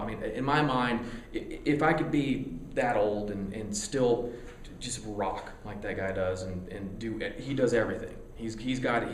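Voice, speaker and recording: A musician being interviewed, talking candidly in a rambling, excitable way, full of stammered restarts and casual swearing. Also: male voice, lowish voice, echoey room, a little hiss or hum.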